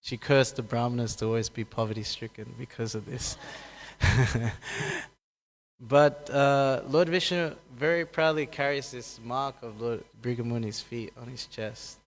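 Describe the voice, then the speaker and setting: Male speaker, mid-pitch, relaxed scripture storytelling with acted-out quotes and self-corrections, long hall reverb. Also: moderate pace. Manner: acts out quoted characters with raised pitch, laughs often, corrects himself. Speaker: speaker giving a scripture class. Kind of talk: casual scripture talk with storytelling.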